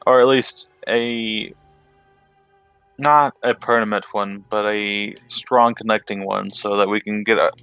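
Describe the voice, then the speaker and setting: A man narrating as game master, halting and thinking aloud as he explains a plan. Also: lowish voice, steady tone, bright, forceful tone, smooth, no room sound, faint music behind.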